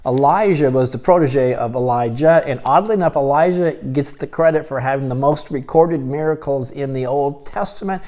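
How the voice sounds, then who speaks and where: A man, a church pastor, giving a recorded video sermon in a steady teaching tone with occasional halting restarts. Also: mid-range voice.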